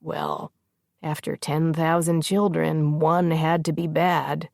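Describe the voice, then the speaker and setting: A woman narrator voicing a blunt, soft-spoken young warrior man in an audiobook. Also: sits low, animated, slow, gravelly, no echo, clean studio sound, heavily acted. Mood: dry, gentle.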